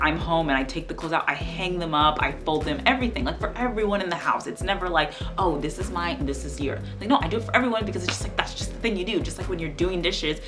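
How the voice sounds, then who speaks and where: A young woman with a low voice tells a story on her vlog in an animated, exasperated way, filling her speech with "like". Music plays clearly underneath her. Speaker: vlogger.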